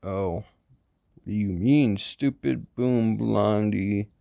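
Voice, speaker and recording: A man's voice: on the low side, extremely slow, creaky, dry recording, full character voice. A man playing a grown male hero who makes dry, skeptical remarks. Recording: dull, lo-fi, dry recording.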